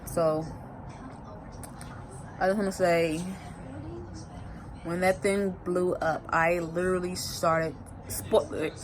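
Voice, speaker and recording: A woman's voice: on the low side, low-quality recording. A woman talking casually in a vlog recap, emotional and rambling, often repeating herself. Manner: colloquial, expressive. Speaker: vlogger recapping a TV season.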